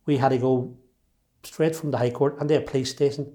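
A man's voice: medium pitch, steady tone, brisk, dark tone. A man from Derry in his sixties with a Derry accent, recounting his own story in an interview, emphatic and full of restarts. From Northern Ireland. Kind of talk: personal storytelling.

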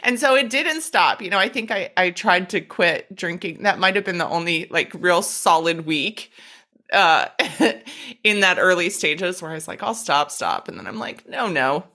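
Bright, candid woman host. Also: on the low side, a little slow. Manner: animated, self-mocking, swears casually. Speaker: podcast host. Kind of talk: candid recovery conversation.

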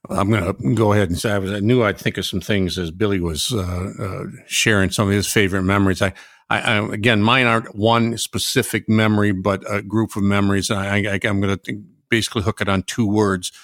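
An older retired man, a former welding instructor and now a pastor, talking earnestly with many halting restarts. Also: on the low side, little pitch movement, a bit bright, no echo, clean studio sound. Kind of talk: reflective conversation.

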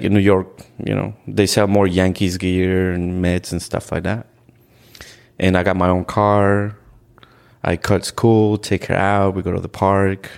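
The speaker is a man from Ecuador guesting on a podcast, his voice deep and gravelly. He recounts things candidly in conversation, earnest in manner but stumbling through repeated restarts and frequent "like."

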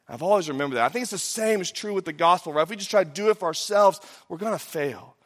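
A man preaching a sermon as pastor. He swings between loud emphatic peaks and soft, hushed drops. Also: sits high, expressive, fast talker, few pauses, big-room sound.

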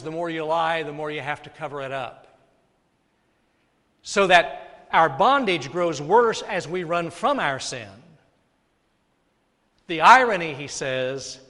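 A man preaching a sermon as pastor, dropping soft and then rising loud. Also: on the high side. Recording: long hall reverb.

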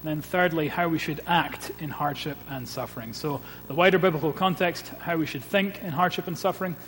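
A male pastor preaching a sermon in an earnest, measured way, building points with repeated refrains. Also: fairly high pitch, fairly bright tone. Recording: long reverb with faint hum.

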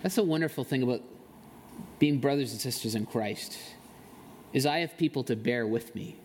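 A man's voice: mid-range voice, moderate pace, darkish tone, slight background noise. A man preaching a sermon as pastor of a church, reading scripture, leading a prayer and talking in a conversational way with playful asides. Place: church sanctuary.

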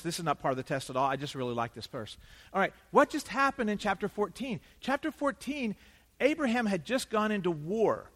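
A middle-aged man preaching a sermon as a pastor, animated, swinging from loud emphasis to hushed asides. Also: high voice. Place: church sanctuary. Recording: long hall reverb.

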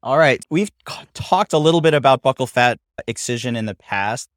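A man co-hosting a podcast, talking in a relaxed way with some fillers. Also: mid-range voice, a little fast, dry recording, clean studio sound. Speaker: podcast co-host. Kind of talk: casual chat.

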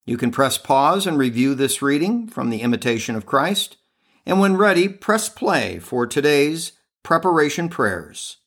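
A man leading a podcast prayer devotion, reading and reciting a litany in a measured, reverent way. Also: on the high side, big pitch swings, fairly bright tone.

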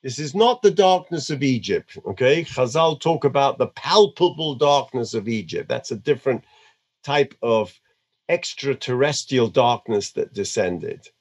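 Animated man teaching a religious text. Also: medium pitch, a little slow. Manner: animated and conversational, weaving Hebrew terms into English. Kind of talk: Torah lecture.

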